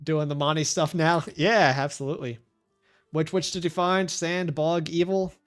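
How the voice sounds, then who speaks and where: A man streaming a video game, chatting in a casual, rambling way and talking softly to his pet. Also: on the high side, steady tone, moderate pace, faint music behind. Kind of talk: casual chat while gaming.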